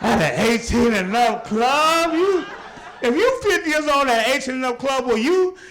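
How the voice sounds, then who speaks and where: A young adult man performing a stand-up routine on a club stage, teasing the crowd in an animated way. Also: extremely high pitch, moderate pace. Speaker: stand-up comedian. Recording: live club recording with audience noise.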